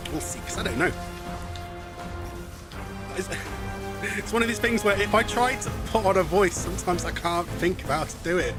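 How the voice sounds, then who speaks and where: A man's voice: high-pitched, normal speed, pauses often, over music. A man streaming a video game, chatting in a rambling way and often laughing. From half Scottish. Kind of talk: live game stream commentary.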